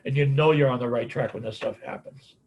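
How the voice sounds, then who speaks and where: Speaking at a medium pitch and a fairly quick pace, this middle-aged American man has a darkish tone, and the highs of the recording are cut off. He's a caregiving speaker sharing folksy anecdotes about caregiving and grief, often ending lines with "man, on it."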